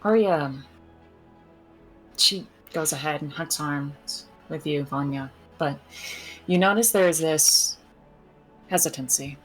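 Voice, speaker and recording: Game-master narrator, woman, low voice, measured descriptive pacing. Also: soft background music, low-quality recording.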